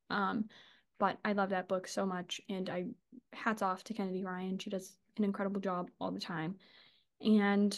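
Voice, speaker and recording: A woman's voice: medium pitch, normal speed. A woman co-hosting a casual book podcast, gushing and chatty, swearing and laughing as she talks. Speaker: podcast co-host.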